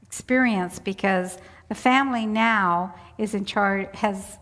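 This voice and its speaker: An older woman, a church volunteer, tells a personal story during an interview in a church sanctuary, her medium-pitched voice slow and fairly bright. She's chatty and laughs often while acting out voices, and the church hall lends a long reverb.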